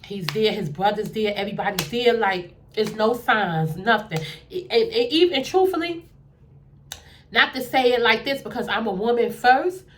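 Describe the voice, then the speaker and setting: A storyteller vlogger with a fairly high voice tells a casual story at a moderate pace, with slight background noise. She's animated, acting out both sides of the conversations and checking in with the listener.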